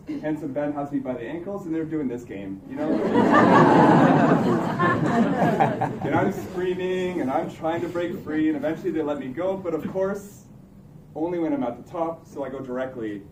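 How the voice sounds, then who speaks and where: A young man with a fairly high voice tells a comic story to a live audience, wry and building suspense. He sounds roomy and set back from the mic. Steady background noise fills the room. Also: far from the mic. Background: room ambience noise.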